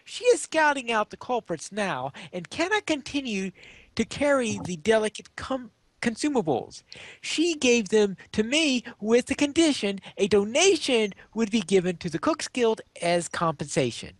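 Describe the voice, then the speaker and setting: A woman's voice: fairly high pitch, big pitch swings, moderate pace, no room sound. A woman narrating a homemade play in an easy, giggly reading. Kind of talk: read-aloud narration.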